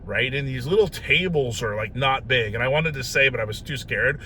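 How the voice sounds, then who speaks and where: A man's voice: medium pitch, a little fast, sharp tone, a little hiss or hum. A man vlogging in a casual, self-mocking storytelling way, often tagging his lines with "right?".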